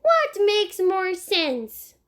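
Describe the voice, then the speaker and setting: A woman reading aloud and voicing a playful little boy with squealing, drawn-out questions. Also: very high-pitched, very animated, a bit bright, pitched above the performer's own voice, heavily acted. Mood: curious.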